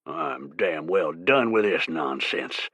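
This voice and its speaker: A man voicing a drunk, belligerent bullwhacker who slurs and growls slowly. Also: lowish voice, lively intonation, fairly bright tone, breathy edge, dry recording, heavily acted. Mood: snarling. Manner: slow, slurred, snarling.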